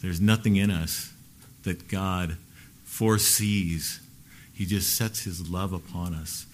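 A male pastor preaching a Sunday sermon, earnest, lifting his voice for emphasis and letting phrase ends fall soft. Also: deep voice, steady tone, takes it slowly, a little hiss or hum.

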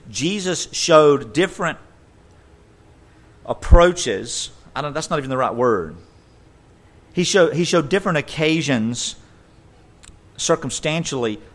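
A male preacher delivers a sermon in a fairly high voice, driving his points home through repetition. He often halts to rephrase himself as he goes. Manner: emphatic, repetitive, self-correcting. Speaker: pastor.

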